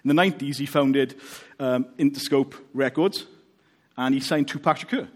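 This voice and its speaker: A man's voice: mid-range voice, moderate pace. A Welsh man preaching a casual, joking sermon, often checking in with the congregation. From Wales. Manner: chatty, joking, checks in with "okay?".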